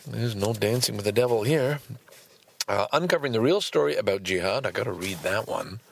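A man reading a book aloud and commenting on it, breaking into exasperated, swearing outbursts between calm passages. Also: lowish voice, fairly quick, gravelly, slight background noise. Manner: swears often.

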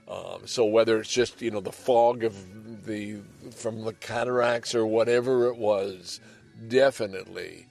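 An older man rambles through a casual podcast monologue from his home, his voice sitting in an ordinary middle register. He drifts between heavy and lighthearted, with faint music behind him. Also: mid-range voice. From Canada. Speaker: podcast host. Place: home, by a window.

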